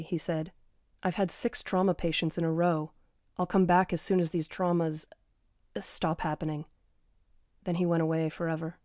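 A woman reads her own memoir in a lowish, mellow voice. Her delivery is dry and understated, with deadpan asides. The sound is close and dry, with no room around it. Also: no echo. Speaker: author reading her memoir. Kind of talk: first-person memoir reading.

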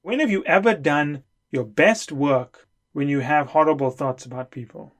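A man's voice: fairly high pitch, moderate pace. A middle-aged man giving an emphatic, lecturing talk as a consulting coach. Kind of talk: lecture to camera.

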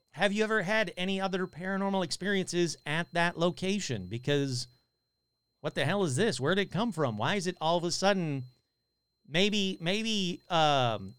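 An excitable man hosts a live paranormal podcast in a casual, chatty way, reading out comments from his listeners. His voice sits fairly high and comes across smooth and resonant. The sound is dry and close, with no room echo. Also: moderate pace. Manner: excitable, casual, swears a lot.

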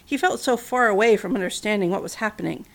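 A woman's voice: mid-range voice, fast talker, vocal fry. A woman casually retelling a Bible story, mixing narration with chatty, wry asides and fillers.

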